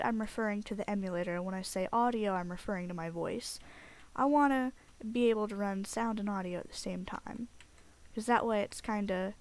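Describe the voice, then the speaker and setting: A woman giving casual gameplay commentary as a let's play host, chatty and rambling, getting excitable at game events. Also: mid-range voice.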